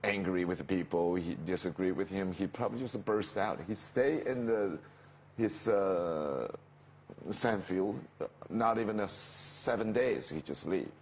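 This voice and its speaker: A middle-aged man with a Chinese accent, a stage actor chatting in an interview, animated and jumping up in pitch when he quotes people. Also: unhurried, dull audio, slight background noise. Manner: animated, pitch jumps when quoting others. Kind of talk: casual interview chat.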